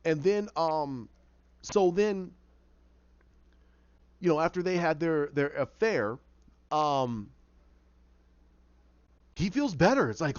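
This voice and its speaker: A man's voice: slow, pauses often, no room sound. A man casually retelling a story, rambling with fillers. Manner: rambling, with fillers and lively pitch. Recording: dull lo-fi dry recording.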